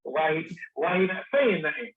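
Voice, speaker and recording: Husky man telling a story over a tinny line. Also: fairly high pitch, moderate pace. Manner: animated storyteller, acting out quoted dialogue. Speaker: guest. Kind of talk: storytelling in a casual interview. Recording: tinny phone-line sound.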